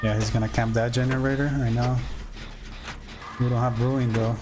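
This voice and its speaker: A man streaming a horror game, talking through his play, reacting loudly and yelling warnings at teammates. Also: mid-range voice, normal speed. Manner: excitable, shouts warnings at teammates, swears. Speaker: gameplay streamer. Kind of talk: live gameplay commentary.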